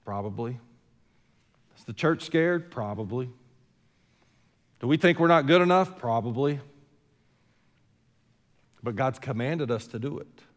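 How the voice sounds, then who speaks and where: A man's voice: fairly high pitch, fairly quick, hardly any pauses, long reverb tail. A man preaching a sermon as senior pastor, in a conversational, folksy way full of rhetorical questions, recorded in a church sanctuary.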